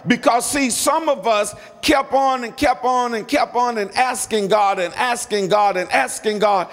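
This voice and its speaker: High-voiced preacher in a reverberant hall. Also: male voice, a little slow, a bit bright. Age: middle-aged. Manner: emphatic preaching with repeated words and calls to the congregation. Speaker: pastor. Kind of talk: sermon.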